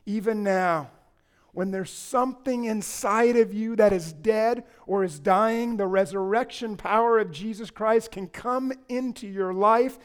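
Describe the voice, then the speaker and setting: Unhurried and smooth, a man preaches as pastor, alternating between loud, fervent lines and low, quiet moments. He keeps things light with playful asides to the congregation.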